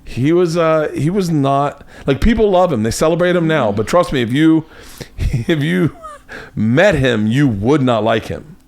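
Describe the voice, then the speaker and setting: A man from Florida hosting a podcast, telling stories in casual chat and breaking into loud put-on voices. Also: a little high, animated, measured pace. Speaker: podcast host. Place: home studio.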